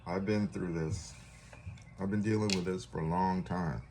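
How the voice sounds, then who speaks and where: A man voicing a calm man reassuring someone that they'll get out together. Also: low-pitched, moderate pace, noisy background. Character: calm reassuring man who has been through it.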